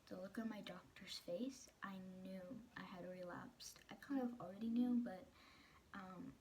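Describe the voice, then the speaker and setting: A woman's voice: medium pitch, fairly even intonation, unhurried, mellow, a little hiss or hum. Teen girl telling a personal story. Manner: chatty, fillers of "like", quoting people in her story. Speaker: vlogger.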